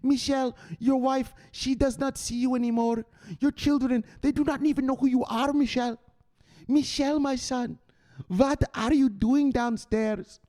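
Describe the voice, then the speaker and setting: A woman's voice: fairly even intonation, dark tone. A man doing a melodramatic European mama. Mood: pleading. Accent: put-on European. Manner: high-pitched, slow, pleading. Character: doting old European mother, melodramatic.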